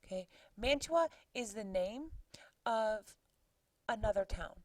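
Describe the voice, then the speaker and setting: A woman teacher casually retelling a play scene by scene, chatty and animated, putting the old lines into everyday words. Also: mid-range voice, slow, no echo, poor audio. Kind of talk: lesson recap with paraphrased quotes.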